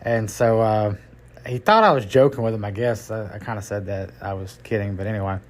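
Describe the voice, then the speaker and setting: A man's voice: on the low side, a little fast. A middle-aged man hosting a podcast, telling his work stories in a casual, folksy, rambling way. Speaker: podcast host and tow truck driver. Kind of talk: casual storytelling.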